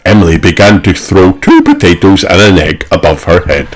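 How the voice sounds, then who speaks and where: A man narrating a children's storybook with expressive storytelling. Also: low voice, normal speed, over music. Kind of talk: children's audiobook reading.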